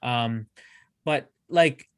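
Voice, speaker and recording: A man co-hosting a wrestling show in casual chat, excitable and swearing freely, often restarting his sentences. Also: medium pitch, drawn-out words, clear, resonant tone, no echo, studio quality. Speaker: wrestling podcast co-host.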